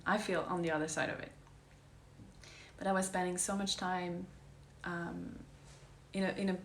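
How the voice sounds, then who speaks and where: Recorded in an echoey room with slight background noise, a woman with a fairly low voice delivers an earnest, heartfelt talk as a wellness coach. She keeps it casual but emphatic, driving her points home and occasionally dropping into a whisper.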